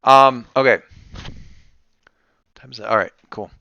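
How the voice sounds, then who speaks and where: A man runs a tabletop game in a bright, crisp voice. He thinks out loud and stops and restarts often. The sound is dry and close. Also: mid-range voice, no echo. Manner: halting, with many restarts and fillers. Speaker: game master.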